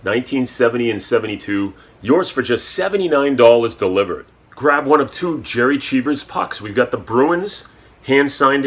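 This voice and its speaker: A man reading a sponsor spot with a brisk, salesy push. His pitch sits in an ordinary middle range for a man. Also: a bit bright. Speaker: ad announcer. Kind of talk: read sponsor ad.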